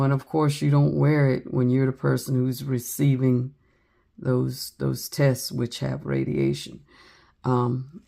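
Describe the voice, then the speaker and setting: Middle-aged craft vlogger, dark gravelly voice, flat rambling chat full of ums. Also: female voice, extremely low pitch. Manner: chatty storytelling with many ums.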